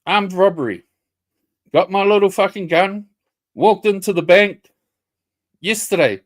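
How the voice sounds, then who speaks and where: A man's voice: high-pitched, measured pace. A man ranting confrontationally on a casual livestream, swearing and repeating himself. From New Zealand.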